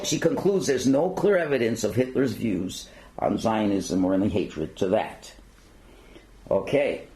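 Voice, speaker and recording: A rabbi lectures at a synagogue learning centre, reading passages aloud and then commenting on them in his own words, using fillers. His medium-pitched voice is creaky with a darkish tone. The recording is rough.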